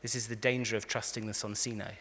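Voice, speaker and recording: A man, a rabbi, giving a lively lecture to a live audience, telling stories and acting out the quotes with frequent restarts. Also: fairly low pitch, fast talker. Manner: animated storyteller, frequent restarts, acts out quotes. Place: large convention hall. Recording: echoey hall.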